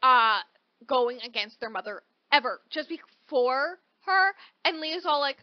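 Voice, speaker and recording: The woman speaks in a high voice, racing through an animated recap of a novel on her podcast, peppering it with "like" and "right?" and dropping the odd casual swear word. Her sound is a touch muffled and dry with no echo, as if recorded at home on modest gear.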